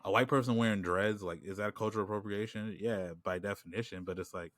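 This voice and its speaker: A man's voice: lowish voice, steady tone, quick pace, a bit bright, dry recording, clean studio sound. A man co-hosting a podcast in casual chat, rambling with lots of filler phrases and a New York accent. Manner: rambling, lots of "like" and "you know what I'm saying". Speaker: podcast co-host.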